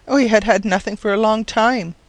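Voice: medium pitch, steady tone, normal speed, no room sound, lightly acted. Brief: reader doing a crushed, faint-voiced widow with a complaining tone, in an audiobook, dry close sound. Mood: sad. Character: sad, crushed widowed woman. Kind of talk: audiobook reading.

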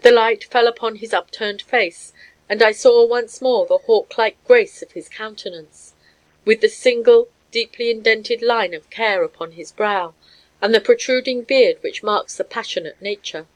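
A woman giving a measured, scripted narration of a story. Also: a little high, low-quality recording. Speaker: audiobook narrator.

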